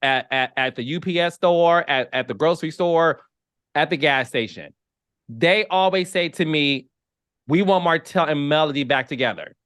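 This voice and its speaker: A man from the American Midwest hosting an interview podcast, emphatic and animated, repeating words as he presses his points in casual chat. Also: a little high, normal speed, clean tone, no room sound, clean studio sound. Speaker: podcast host.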